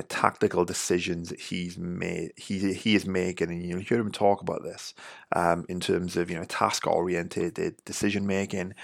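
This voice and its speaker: A low-voiced man in his thirties from England hosts a podcast in a loose, rambling way. His voice is gravelly, with a dry, close studio sound. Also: dry recording. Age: 30s. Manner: rambling, restarts with "you know". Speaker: podcast host. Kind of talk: casual podcast chat.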